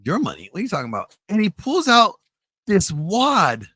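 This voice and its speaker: A man telling a story in casual chat, loudly acting out the voices in it. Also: high-pitched, normal speed, husky, no room sound. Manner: animated storyteller, acts out quotes loudly. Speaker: podcast co-host telling a story.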